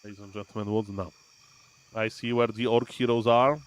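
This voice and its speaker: Animated man commentating his own game. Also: lowish voice, fairly quick, slight background noise. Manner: animated, often says "ladies and gentlemen", thinks aloud with fillers. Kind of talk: live gameplay commentary.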